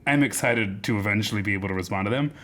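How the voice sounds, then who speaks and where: A man co-hosting a podcast, playful and quick with jokes, reacting with delight to the story. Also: fairly low pitch, a bit bright. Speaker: podcast co-host. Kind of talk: casual chat. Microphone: podcast microphone.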